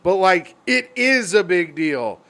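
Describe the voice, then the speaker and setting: A man with a notably high voice, trading jokes as a podcast co-host. His delivery is teasing and casual, close on a studio mic. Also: sing-song, takes it slowly, pushed and bright. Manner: playful, teasing, reads a listener letter aloud. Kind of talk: casual comedic podcast banter.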